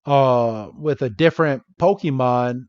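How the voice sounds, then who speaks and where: A man's voice: medium pitch, dry recording. Male podcast co-host, casual recap, slightly muffled, dry close sound. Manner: animated retelling with quick impressions of characters. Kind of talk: casual episode recap chat.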